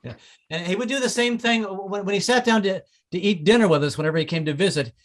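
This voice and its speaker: A man doing an open mic stand-up set, stammering and repeating words, often breaking into loud voices for his relatives. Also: high-pitched, fast talker. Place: small comedy club with audience.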